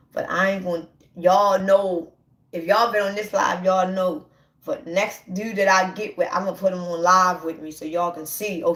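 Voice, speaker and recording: A woman with a medium-pitched, fairly bright voice hosts a casual livestream, addressing her viewers directly. She's brash, profane and repetitive, laughing often, and the room is echoey.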